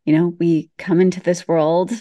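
A woman with a somewhat low voice hosts a podcast, speaking in a reflective way. She sums up what she heard from her guest before asking her next question. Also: level tone, moderate pace, dark tone, dry recording. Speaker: podcast host. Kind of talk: podcast conversation.

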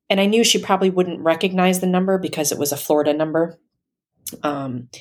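A woman telling a personal story in a casual, hesitant way, with many fillers and soft laughs. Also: deep voice.

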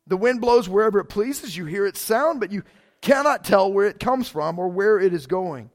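A man's voice: high-pitched, animated, moderate pace. A male pastor preaching a sermon in a casual, fired-up way, often saying "man".

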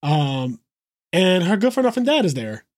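Man, podcast co-host, casual profane recap, fairly high voice, dry close sound. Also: very animated, normal speed, no echo. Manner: loose and profane, acts out characters' lines in quotes.

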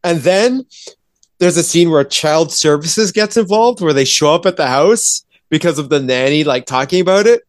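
A man's voice: on the high side, expressive, moderate pace, no room sound, clean studio sound. A man in a casual podcast chat, ranting with exasperation about a movie, swearing often and acting out characters' lines. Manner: exasperated, profane, acts out characters in quoted voices. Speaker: movie reviewer.

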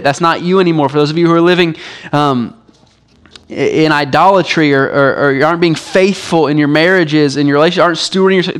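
A male pastor delivering a sermon in a relaxed, conversational way, often dropping in "like" as he speaks. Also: on the high side, fast talker, clean tone. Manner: casual, conversational preaching with frequent "like".

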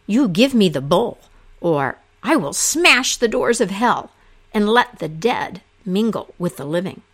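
A woman voicing a furious, demanding goddess in a told myth, speaking loud and raised. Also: high voice, lively intonation, unhurried, vocal fry, voice pushed up, full character voice. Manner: loud, raised angry delivery.

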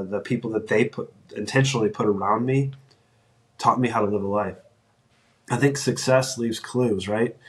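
Earnest lower-voiced man hosting a podcast. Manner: earnest, encouraging, with frequent restarts. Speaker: podcast host. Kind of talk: solo podcast talk.

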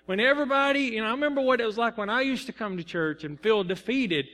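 A male pastor preaches in earnest, halting bursts, often restarting and reaching for words. His voice sits high and bright. It rings out in a church hall with a long, lingering reverb. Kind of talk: sermon. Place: church sanctuary.

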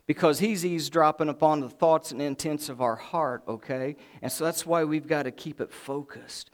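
Folksy male preacher, slightly high voice. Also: normal speed. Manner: animated, folksy, joking asides. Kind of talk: sermon.

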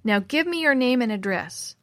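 A woman's voice: on the high side, expressive, normal speed, no echo, studio quality, natural voice. A woman voicing a furious woman who scolds and threatens a boy over a broken car window. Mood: angry. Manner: harsh, threatening. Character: angry woman whose car was hit.

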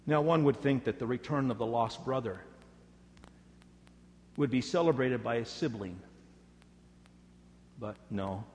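A man preaching a sermon, swinging dramatically between loud emphasis and hushed words. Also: mid-range voice. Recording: echoey hall reverb.

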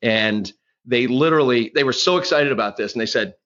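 A man's voice: mid-range voice, a little fast, a bit bright, lo-fi sound. A middle-aged man, a golf instructor, telling rambling anecdotes in a podcast conversation, often restarting and acting out quotes. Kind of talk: conversational storytelling interview.

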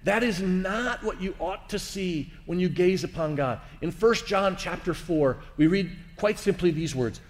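A man's voice: sits high, measured pace, hardly any pauses. A man teaching about faith in a reflective way, asking the listener questions. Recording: long reverb.

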